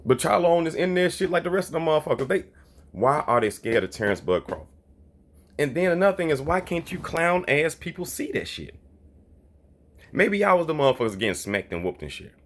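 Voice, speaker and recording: Ranting man with a lively voice. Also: a little high. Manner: blunt, profane, repetitive ranting; mocking quoted voices. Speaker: boxing commentator. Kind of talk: heated monologue.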